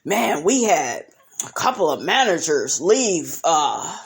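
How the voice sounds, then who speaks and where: A woman's voice: sits low, very animated, slow, pitched below the performer's own voice, heavily acted. A woman putting on a smug, bragging man. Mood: boastful. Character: smug, self-assured grown man bragging about business.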